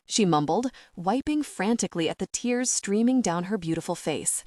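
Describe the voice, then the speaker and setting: A woman reads a romance audiobook aloud in an expressive, steady manner. Her pitch moves with a lively range, and the recording sounds dry and close. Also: normal speed, hardly any pauses, no echo. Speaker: audiobook narrator. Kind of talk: scripted romance narration.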